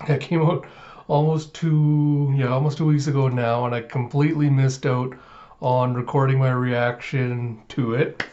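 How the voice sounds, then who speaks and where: A man hosts a casual reaction video in a mid-range voice and retells the story with lively enthusiasm. He laughs often as he goes. The recording is slightly muffled and lo-fi. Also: medium pitch, unhurried. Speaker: host of a reaction channel.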